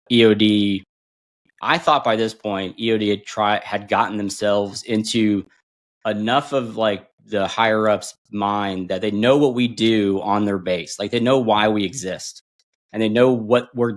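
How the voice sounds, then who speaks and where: A man in his forties, a podcast guest and former bomb disposal instructor, telling stories in a casual, animated way and acting out quotes. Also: measured pace. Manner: animated, acts out quotes with big pitch jumps and laughs. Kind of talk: casual storytelling.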